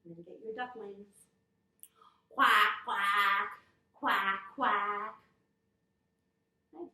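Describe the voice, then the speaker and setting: A woman telling a picture-book story to children and leading animal yoga poses, playful and animated, making animal sounds along the way. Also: mid-range voice, extremely slow, reverberant, recorded from a distance, low-quality recording. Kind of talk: reading a picture book aloud with kids' yoga.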